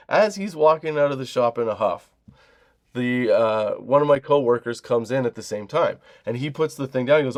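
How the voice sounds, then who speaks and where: A man in his forties hosting a comedy podcast, telling a rambling, profane story about a job, laughing often and mimicking the people in it. He says he is high while talking. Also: animated, moderate pace. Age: 40s. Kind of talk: casual storytelling rant.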